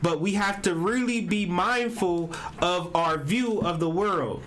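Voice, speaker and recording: A man's voice: sits high, a little slow, fairly bright tone, slight background noise. A man hosting a spiritual astrology and tarot video, talking casually in a meandering, emphatic way with casual swearing. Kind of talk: casual spiritual talk to camera.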